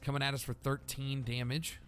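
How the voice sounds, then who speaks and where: A man's voice: medium pitch, flat delivery, moderate pace, a bit bright, soft background music. A man hosting a let's play, thinking aloud as he plays a deck-building card game. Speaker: gaming channel host.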